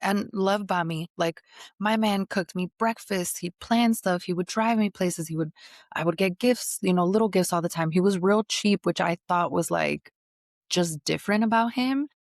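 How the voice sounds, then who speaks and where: A woman's voice: on the low side, moderate pace, dry recording, clean studio sound. A woman guest on a podcast, candidly telling a long personal story in blunt, slangy casual chat.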